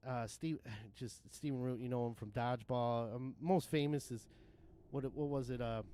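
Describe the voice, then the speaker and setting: A man's voice: medium pitch, fairly even intonation, normal speed, dark tone, clear, resonant tone. Profane rambling man streaming a game. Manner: rambling, profane, laughs often. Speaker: livestream gamer. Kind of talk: casual gaming commentary.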